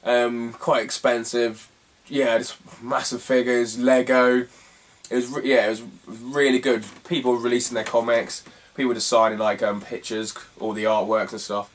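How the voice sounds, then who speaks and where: A young man tells a rambling, casual story, full of "like" and "um" and quick to laugh. His voice is mid-pitched and sits a little away from the microphone. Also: flat delivery, far from the mic. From England. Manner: rambling, laughs often, lots of fillers. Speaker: retro game collector vlogger. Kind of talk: casual chat.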